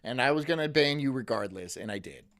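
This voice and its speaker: A man hosting a live stream in a mid-pitched voice that leaps up and drops low as he reacts to chat. He mocks and laughs often. His rants grow loud, and his asides sink to mutters. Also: animated, quick pace, very noisy. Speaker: streamer host.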